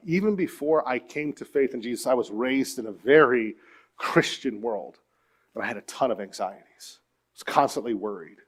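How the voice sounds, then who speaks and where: A middle-aged man preaching a sermon in church, telling stories earnestly and swinging between hushed, quiet moments and emphatic points. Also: medium pitch, animated, normal speed, breathy edge. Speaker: pastor.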